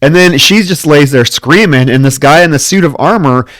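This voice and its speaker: Animated man recapping a film. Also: on the high side, normal speed, no echo. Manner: animated retelling, acts out the characters' lines. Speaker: podcast co-host. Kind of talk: casual film-review chat.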